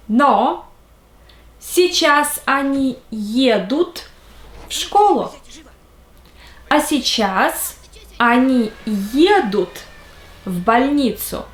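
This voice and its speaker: Slow, careful woman teaching a language. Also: on the high side, echoey room. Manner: slow careful enunciation of example words. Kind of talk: lesson.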